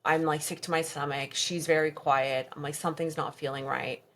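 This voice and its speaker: A woman guest on a podcast interview, telling her own story of trauma with emotion, her voice dropping soft and quiet at the hardest moments. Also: fairly even intonation, normal speed. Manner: quotes others in her story, voice drops low and soft at hard moments.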